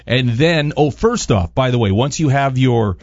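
A man's voice: mid-range voice, lively intonation, a little slow, darkish tone, dry recording, highs cut off. A man chatting casually through a cooking segment as a radio host and chef, rambling with plenty of fillers. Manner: rambling, easygoing, lots of fillers.

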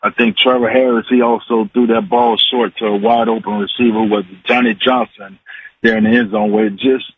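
Folksy forties man calling in over a tinny phone line, lowish voice, faint hiss. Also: little pitch movement, fairly quick. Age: 40s. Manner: folksy, rambling, many fillers. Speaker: regular guest, sports and recipe commentator. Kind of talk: casual radio chat. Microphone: phone call-in.

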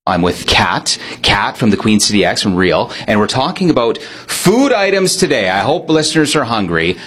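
A man reporting for radio, chatting casually as he tastes fair food and describes every bite out loud. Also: lowish voice, sing-song, moderate pace, slightly rough. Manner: chatty, upbeat, describes aloud while chewing. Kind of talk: casual on-location food tasting chat.

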